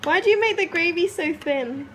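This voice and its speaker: A woman's voice: extremely high pitch, moderate pace, fairly bright tone, a little hiss or hum. A young woman chatting casually in a daily vlog, tired and a little out of breath, laughing often. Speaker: vlogger.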